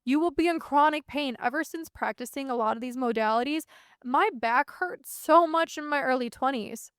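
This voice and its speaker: Woman, 30s, podcast host; high, clear voice, casual swearing, dry close sound. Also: moderate pace, fairly bright tone, no echo. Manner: candid, earnest, swears casually. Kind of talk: reflective solo podcast monologue.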